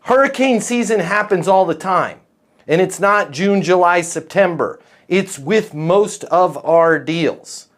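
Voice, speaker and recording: A man coaching a group of salespeople in a live training session, talking in a folksy, animated way. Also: sits high, slow pace. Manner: acts out quotes in different voices.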